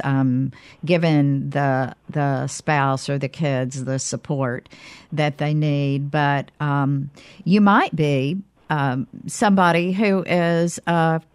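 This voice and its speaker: Low-voiced woman hosting a call-in show. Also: darkish tone, dry recording. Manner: halting, with many fillers and restarts. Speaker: radio talk show host. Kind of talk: call-in radio talk.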